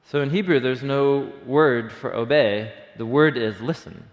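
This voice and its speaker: In a church room, a man leads an early-morning Bible study, teaching enthusiastically and conversationally while thinking aloud with lots of fillers. His medium-pitched voice is unhurried, and the dull audio carries a hall's long reverb.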